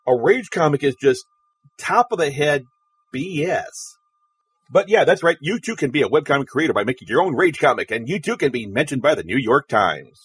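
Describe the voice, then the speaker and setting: A man's voice: fairly high pitch, expressive, brisk, slightly rough. A man hosting a webcomics news podcast, making dry, sarcastic asides. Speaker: podcast host.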